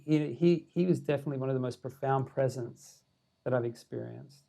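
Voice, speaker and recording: A man who is a meditation teacher, telling a story as a podcast guest in an animated way, laughing often. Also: mid-range voice, gravelly. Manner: animated, many fillers and restarts, laughing often.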